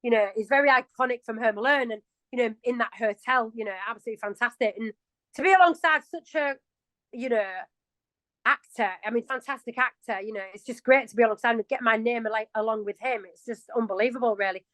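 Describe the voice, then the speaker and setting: A woman's voice: on the high side, quick pace, a bit bright, no room sound, low-quality recording. A woman of forty-one with a Yorkshire accent, a chatty and self-mocking interview guest who laughs often. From England. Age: 40s. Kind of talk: casual interview chat.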